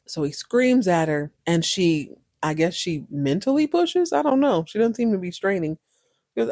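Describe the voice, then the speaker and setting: A woman hosting a podcast, recapping a TV episode in a chatty, animated way and repeating words for emphasis. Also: mid-range voice, normal speed, dry recording, clean studio sound. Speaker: podcast host. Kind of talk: casual TV recap.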